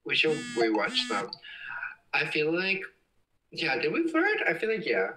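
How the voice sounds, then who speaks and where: Giggly young man, bright voice, off-mic. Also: a little high, huge pitch swings, measured pace, distant mic, rough recording. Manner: giggly, rambling, frequent laughs. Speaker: livestream host. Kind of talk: casual livestream chat reading comments. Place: home.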